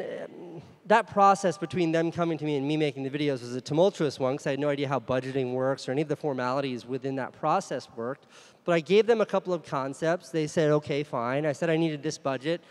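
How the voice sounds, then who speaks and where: Man, conference speaker, candid storytelling, earnest, slightly high voice, long hall reverb.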